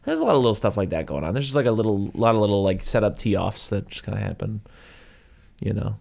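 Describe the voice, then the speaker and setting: Man, lowish voice, casual movie chat, rambling, lots of fillers and asides. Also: sing-song, fast, vocal fry, a little mellow. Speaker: podcast co-host.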